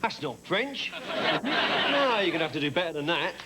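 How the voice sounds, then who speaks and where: A man playing a loud, mocking male headmaster, in a comedy sketch. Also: high voice, very animated, moderate pace, heavy background noise. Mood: brash. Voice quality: loud, mocking, rough-edged. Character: brash cockney male headmaster prankster. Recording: loud audience laughter behind.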